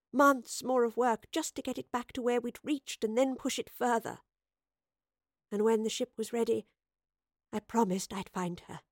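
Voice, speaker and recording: A woman voicing an older female professor, gentle and guilt-ridden, speaking softly and tearfully. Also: a little high, no room sound, clean studio sound, close to an everyday voice. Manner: soft, tearful, hushed. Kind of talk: audiobook character voice.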